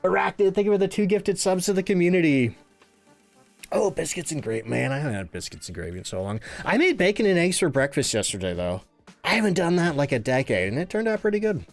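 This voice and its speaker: With faint game music in the background, a man chats casually on a live stream, reading chat messages out loud, thanking subscribers and frequently laughing. He talks fast in a slightly high, gravelly voice with big pitch swings.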